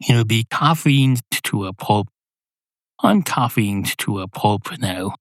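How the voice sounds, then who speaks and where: A man hosting a podcast, delivering a rambling comic monologue in a digressive, deadpan, self-mocking way. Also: lowish voice, slow pace, dry recording. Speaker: podcast host.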